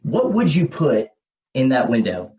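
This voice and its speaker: A man hosting a podcast, thinking out loud as he explains ideas at a whiteboard and often checks in with "okay?" and "right?". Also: medium pitch, wildly swooping pitch, a little slow, muffled recording. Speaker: podcast host. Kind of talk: casual explanatory podcast talk. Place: room with a whiteboard.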